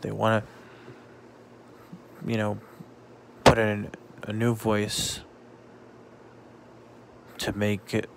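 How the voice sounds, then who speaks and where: A man talking casually in a vlog, halting often with fillers and restarts. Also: lowish voice, completely flat delivery, creaky, background noise. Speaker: vlogger.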